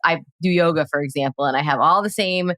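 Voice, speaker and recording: Female podcast host, low-pitched, chatty, dry close sound. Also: bright, forceful tone, no echo. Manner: chatty, quick to laugh. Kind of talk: casual podcast chat.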